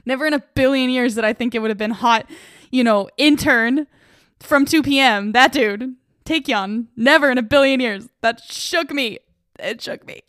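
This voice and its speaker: A young woman hosting a casual solo podcast, excitable and self-mocking, laughing often as she reacts. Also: high voice, normal speed, dry recording, clean studio sound. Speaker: podcast host.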